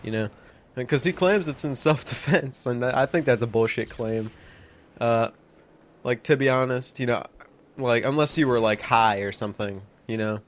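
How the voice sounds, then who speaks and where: A man's voice: mid-range voice, normal speed. A young man giving a casual, rambling video commentary, swearing and laughing often, with lots of fillers.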